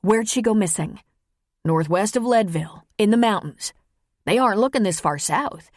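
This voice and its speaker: A woman's voice: medium pitch, animated, moderate pace, a little mellow, no echo, clean studio sound, pitched above the performer's own voice, natural voice. A woman narrating an audiobook, voicing a commanding male small-town sheriff giving firm orders.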